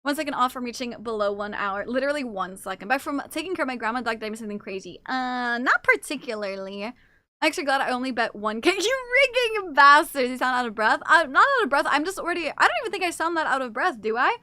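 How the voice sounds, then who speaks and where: A young adult woman streaming live, chatting casually with her chat. She teases and swears and reacts quickly to what chat says. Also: high voice, animated, bright, forceful tone, no room sound. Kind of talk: casual livestream chat, reading and answering chat.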